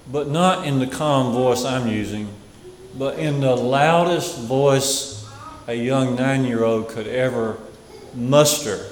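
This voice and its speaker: A man preaching a sermon in a church, slow and deliberate, with dramatic pauses and repeated phrases. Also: mid-range voice. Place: church sanctuary. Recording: echoey hall with faint noise.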